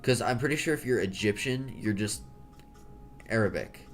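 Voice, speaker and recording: An American man from the United States chats casually while drawing, rambling, joking, and correcting himself. His lowish voice is animated at a moderate pace, with soft music in the background.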